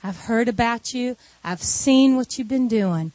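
A woman's voice: fairly high pitch, unhurried, mellow, no room sound, pitched below the performer's own voice, close to an everyday voice. A woman preacher voicing a kind, wealthy landowner who speaks reassuringly and decisively. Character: kind wealthy landowner man, steady and protective.

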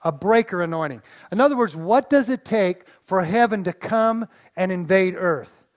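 High-voiced male associate pastor preaching. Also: animated, moderate pace. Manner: folksy storytelling with call-and-response. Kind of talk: sermon. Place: church sanctuary.

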